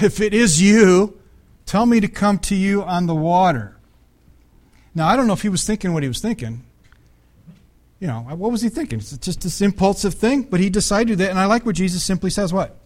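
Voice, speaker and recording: High-voiced man preaching conversationally. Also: animated, a little fast. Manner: conversational preaching with frequent checks to the congregation; reads scripture aloud and comments on it. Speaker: pastor. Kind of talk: sermon.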